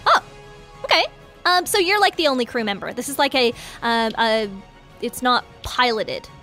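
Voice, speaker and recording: A woman hosting a game playthrough, commentating in a bubbly, excitable, giggly way. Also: fairly high pitch, moderate pace, faint music behind. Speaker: gaming video host.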